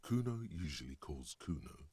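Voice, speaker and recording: The inner voice of a video game in a measured, grave way. The voice sits extremely low and rumbles. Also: male voice, very animated, warm tone, husky, no room sound, full character voice. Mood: narrating. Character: deep, measured inner-voice narrator. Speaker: game narrator. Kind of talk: scripted game narration.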